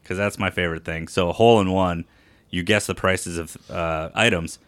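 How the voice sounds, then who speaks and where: A man's voice: sits low, fairly even intonation, normal speed, a bit bright, smooth, no echo. A man co-hosting a podcast in casual chat, rambling and repeating himself while he explains. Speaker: podcast co-host.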